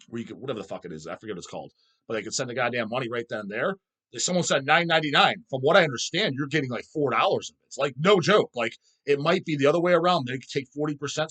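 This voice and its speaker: A man's voice: medium pitch, fairly bright tone. A man hosting his own video channel, ranting and swearing constantly in a mocking, scornful way. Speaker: channel host. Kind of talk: profane rant vlog.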